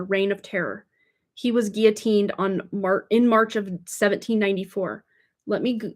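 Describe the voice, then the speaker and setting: A woman giving a casual livestream tarot reading, chatty and rambling, tripping over words and laughing them off. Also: medium pitch. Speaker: tarot reader. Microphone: livestream mic.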